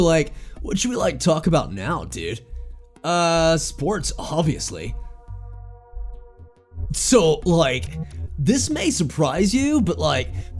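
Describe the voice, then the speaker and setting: Woman doing a slouchy dude ghost who loves sports, low and drawly, game voice. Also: a little mellow, full character voice. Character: teenage boy sports ghost, laid-back jock.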